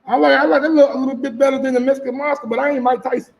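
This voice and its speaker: A man's voice: extremely high pitch, level tone, very fast, creaky. A man commenting casually on boxing footage, loose and profane, repeating himself and putting questions to his viewers. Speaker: sports commentator reacting to footage. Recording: echoey room.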